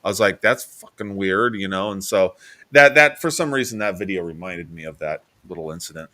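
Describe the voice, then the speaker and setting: A man's voice: deep voice, animated, a little fast, sharp tone, dry recording. A man hosting a podcast, telling a story in a rambling, self-correcting way. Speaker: podcast host. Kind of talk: casual storytelling chat.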